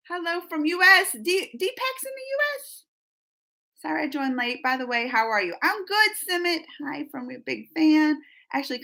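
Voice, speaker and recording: A woman hosting a live-stream chat, reading viewer comments aloud and answering them in a lively, talkative way with frequent laughter. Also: high-pitched. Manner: animated and chatty, laughs often, gasps. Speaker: reaction channel host.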